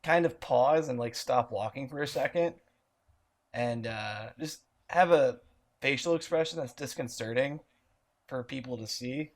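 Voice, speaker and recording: Casual male player, rambling table talk, mid-pitched voice. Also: measured pace. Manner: laughing, rambling, swears. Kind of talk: casual tabletop game chat.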